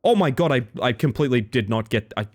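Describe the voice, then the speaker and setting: A man live-streaming a game, chatting playfully with viewers, giggling and jumping into silly squeaky bits. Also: animated, fast, a little mellow. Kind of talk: live-streamed gameplay chat.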